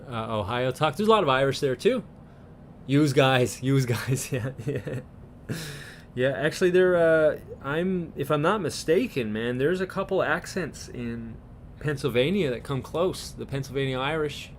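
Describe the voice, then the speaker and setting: A man's voice: medium pitch, slight background noise. A man from Newfoundland hosting a live stream, chatting casually with viewers in a rambling way and chuckling often between thoughts. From Newfoundland, Canada.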